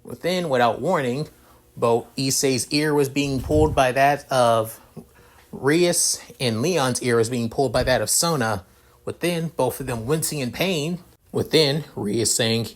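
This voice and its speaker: A man's voice: mid-range voice, unhurried. A man narrating a fan story in a rambling, filler-heavy way, with casual cursing.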